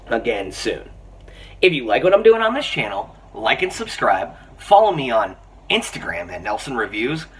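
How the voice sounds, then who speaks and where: A young man giving a casual, excitable film review, rambling with lots of restarts and fillers. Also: mid-range voice, recorded from a distance, slight background noise. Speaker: movie reviewer.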